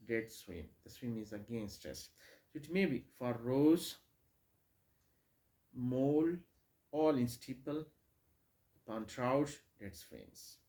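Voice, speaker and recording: A man's voice: on the low side, creaky, a little mellow. A man giving a hesitant lecture on a poem, full of fillers and repeated phrases. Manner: hesitant, many fillers, repeats phrases, slips into Hindi asides. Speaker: English literature lecturer. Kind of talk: classroom lecture on poetry.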